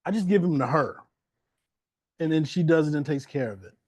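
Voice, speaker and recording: A meeting host speaking informally and warmly of a colleague, with a relaxed, teasing manner. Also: medium pitch, brisk, dry recording. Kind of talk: casual meeting chat.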